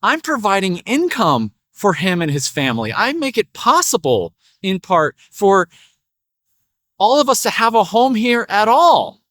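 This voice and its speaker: A man's voice: high voice, wildly swooping pitch, a little slow, fairly bright tone, no room sound, clean studio sound, full character voice. A man voicing a boastful farm cow who brags about her milk in a self-important, rambling way. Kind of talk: storytelling parable.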